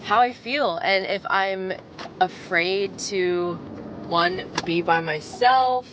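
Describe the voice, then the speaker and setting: Out on a mountain hiking trail, a young woman vlogger chats casually to the camera, rambling and saying "like" constantly. Her mid-range voice moves slowly. The lo-fi vlog footage is noisy, with background music and outdoor ambience.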